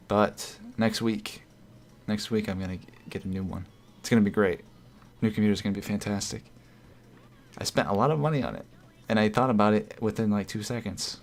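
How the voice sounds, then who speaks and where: Man, somewhat low voice, casual streamer chat, rambling, self-correcting, reading comments. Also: vocal fry.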